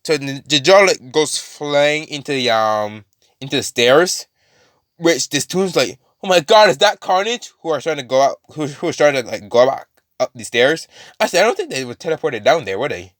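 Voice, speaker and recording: A man's voice: medium pitch, animated, moderate pace, a bit bright, no room sound, studio quality. A man casually retelling a fan-made story, rambling with many fillers and restarts.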